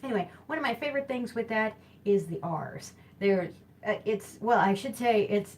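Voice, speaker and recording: A woman with a Midwestern accent hosts a live-streamed hula hooping show, chatting casually in a rambling way and often correcting herself. Her medium-pitched voice is expressive and her pace normal, with a little hiss or hum in the audio.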